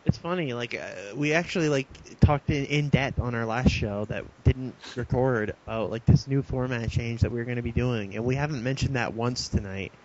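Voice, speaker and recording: A man's voice: mid-range voice, moderate pace, few pauses, a little mellow. A man co-hosting a casual podcast, chatty and laughing at his own jokes. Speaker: podcast co-host. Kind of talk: casual chat. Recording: dull lo-fi sound, faint noise.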